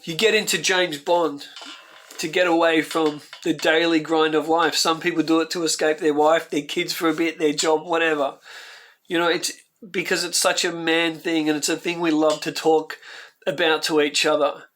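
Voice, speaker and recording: Australian male channel host, fairly high-pitched, emotional, rambling reaction rant. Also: little pitch movement, moderate pace, fairly bright tone, a little hiss or hum. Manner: heartfelt, ranting, repeats himself. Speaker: YouTube host.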